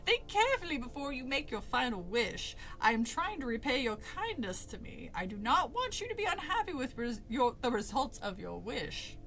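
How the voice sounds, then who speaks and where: A woman voicing a calm, sly wish-granting stranger who talks slowly and softly. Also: sits high, a little hiss or hum, full character voice. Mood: soft warning. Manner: slow, soft, measured.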